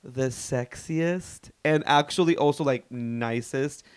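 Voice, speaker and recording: A man co-hosting a podcast, telling stories and shouting out listeners in gossipy, animated casual chat. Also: medium pitch, slow, clean tone, dry recording. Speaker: podcast co-host.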